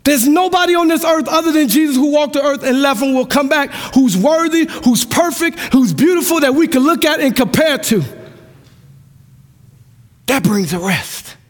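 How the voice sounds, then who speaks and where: High-voiced preacher man in a reverberant hall. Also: fairly quick, hardly any pauses. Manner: impassioned preaching, swings from hushed to shouting, half-sung lines. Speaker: pastor. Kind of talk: sermon. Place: church sanctuary.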